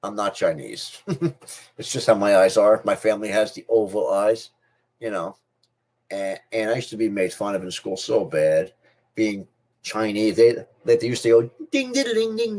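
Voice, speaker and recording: A man's voice: on the low side, darkish tone. A middle-aged man with a speech difference, chatting casually to his viewers as a channel host, repeating and restarting phrases as he goes. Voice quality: speech difference, not a stutter. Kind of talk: casual personal talk to camera.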